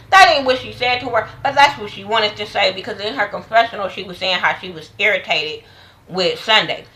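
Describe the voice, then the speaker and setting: A woman's voice: medium pitch, a little fast, pushed and bright, low-quality recording. A woman giving a blunt, profane, slang-heavy casual review of a reality TV episode. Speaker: reality TV recap vlogger.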